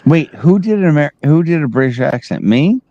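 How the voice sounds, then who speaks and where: Guy with a mellow voice joking on a live stream, says things twice, dull dry sound. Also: fairly high pitch, sing-song, fairly quick, dry recording. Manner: joking, repeats himself. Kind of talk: casual live-stream chat.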